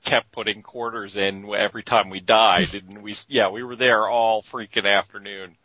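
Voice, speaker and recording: A man's voice: on the low side, fairly even intonation, moderate pace, sharp tone, no echo, dull audio. A man chiming into a casual podcast chat with short remarks.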